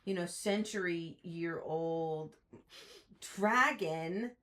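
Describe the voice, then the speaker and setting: A woman co-hosting a book podcast, chatting casually with many fillers and lively quotes of characters. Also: fairly low pitch, very slow. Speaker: podcast co-host.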